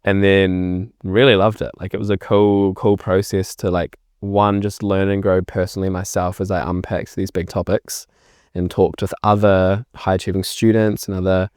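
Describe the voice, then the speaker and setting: A young man with a New Zealand accent talks through his story as a podcast guest, voicing past conversations with lively emphasis. His voice sits fairly low, and the sound is dry and close. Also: normal speed, clean tone, dry recording. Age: young adult. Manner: animated storyteller acting out remembered exchanges. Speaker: filmmaker guest. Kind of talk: casual podcast interview.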